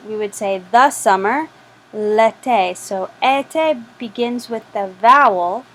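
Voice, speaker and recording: Slow, patient woman teaching French. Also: on the high side, poor audio. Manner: patient, repeats words for practice. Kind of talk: slow spoken language lesson.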